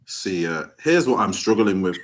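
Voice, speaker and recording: A man on a podcast, animated and slangy as he jokes through hypotheticals. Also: sits low, normal speed. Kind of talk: casual group chat.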